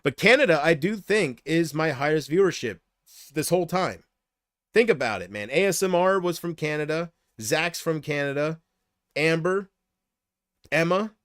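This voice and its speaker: A man's voice: fairly high pitch, animated, moderate pace, fairly bright tone, dry recording, clean studio sound. A man on a casual livestream, rambling and unsure, drifting between thoughts while he answers viewer comments. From United States.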